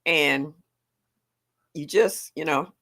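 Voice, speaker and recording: A woman's voice: low-pitched, drawn-out words, gravelly, a bit bright. An older woman hosting a casual live stream, chatty and emotional, greeting her viewers by name between sighs and laughs. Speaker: livestream host.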